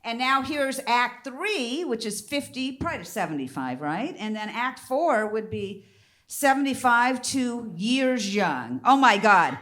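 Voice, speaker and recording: A woman's voice: fairly high pitch, animated, unhurried, a bit bright. A woman in her fifties doing a stand-up comedy set on a theater stage, brassy and bawdy as she teases the crowd. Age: 50s.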